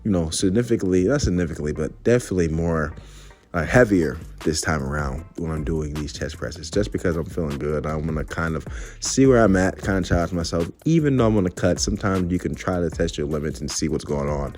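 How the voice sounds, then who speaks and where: A man's voice: sits low, expressive, a little fast, darkish tone, faint music behind. A young man chatting casually and cursing freely while working out in a gym, upbeat and talkative. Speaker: fitness vlogger. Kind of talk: casual workout vlog talk.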